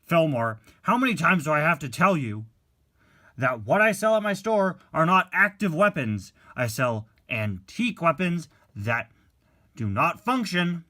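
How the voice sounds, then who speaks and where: A man voicing a gruff, loud male army jeep in a toy-car play story, barking his lines sternly. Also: fairly high pitch, sing-song, unhurried, full character voice. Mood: angry. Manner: shouting, stern, drill-sergeant bark.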